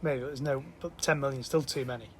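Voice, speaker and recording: A man's voice: mid-range voice, steady tone, quick pace, a bit bright, slight background noise. An English man co-hosting a podcast, chatting casually and throwing in wry puns. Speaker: podcast co-host. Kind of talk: casual chat.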